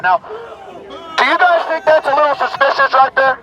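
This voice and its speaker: Strained, high-pitched man haranguing an outdoor crowd through a megaphone; mocking, rowdy delivery, dull recording. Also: normal speed, pauses often, sharp tone. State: voice strained, nearly gone. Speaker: rally speaker. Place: outdoors at a street rally.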